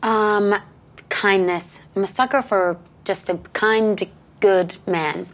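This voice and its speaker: A woman's voice: mid-range voice, fairly even intonation, slow, rough recording. A young woman in her twenties, a singer chatting as an interview guest, bubbly and giggly with lots of fillers, speaking outdoors. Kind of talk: casual interview chat. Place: outdoors in countryside.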